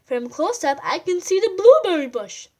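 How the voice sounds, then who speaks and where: A woman's voice: extremely high pitch, sing-song, moderate pace, darkish tone, voice pushed up. A woman doing an emphatic storybook porcupine. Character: curious, bossy female porcupine.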